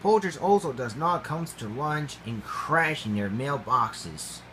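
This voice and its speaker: A man's voice: medium pitch, animated, takes it slowly, pushed and bright, a little hiss or hum. A man voicing a stern, curt male animal boss in a storybook reading.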